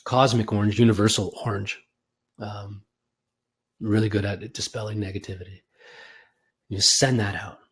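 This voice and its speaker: A man hosting a live audio call, guiding listeners through a slow, soothing visualization and chatting casually. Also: fairly low pitch, level tone, slight background noise. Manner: slow, soothing, drawn-out guidance. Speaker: host leading a guided meditation.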